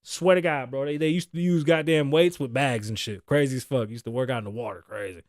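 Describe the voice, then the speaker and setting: A man in his thirties hosts a casual solo podcast from a studio, ranting and joking with heavy profanity and frequent laughter. His medium-pitched voice runs fairly quick, and the sound is clean with no room echo.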